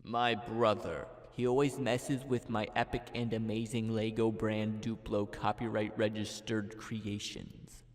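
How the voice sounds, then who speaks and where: A man voicing himself as a naive three-year-old boy, talking in a slow, mock-innocent way. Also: lowish voice, little pitch movement, lightly acted. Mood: sulky. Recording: echoey, music behind.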